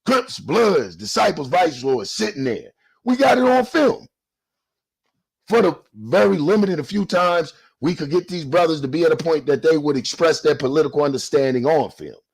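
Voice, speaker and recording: Heated, gravelly man ranting on camera. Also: a little high, animated, normal speed. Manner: heated, profane, street-preacher cadence. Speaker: YouTube commentator. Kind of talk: ranting response video.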